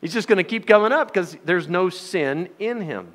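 Give me a male preacher with a higher voice giving a folksy, joking sermon. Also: animated, normal speed, a bit bright. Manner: folksy, jokey, with frequent laughs and restarts.

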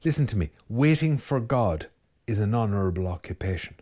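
An Irish man, a Catholic priest, giving a spoken sermon on prayer in an urgent, exhorting way, talking straight to his listeners with quick commands. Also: on the low side, animated, warm tone. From Ireland. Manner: urgent, exhorting, direct address with rapid commands.

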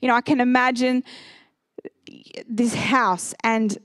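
A woman preaches with a high, bright voice, telling stories with lively energy. The sound is close and dry. She slips into the voices of the people in her stories. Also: takes it slowly, no echo. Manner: animated storyteller, acts out characters. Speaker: pastor. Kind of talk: sermon.

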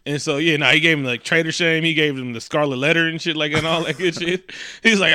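Crisp bright-voiced man recapping a movie. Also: fairly high pitch, quick pace, no echo, clean studio sound. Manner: crude, animated, acts out characters' lines. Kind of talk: casual movie recap chat.

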